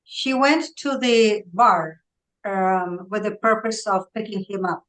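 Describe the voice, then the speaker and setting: A woman taking part in a film discussion, speaking haltingly and repeating words. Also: mid-range voice, fairly bright tone, distant mic, rough recording. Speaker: discussion participant.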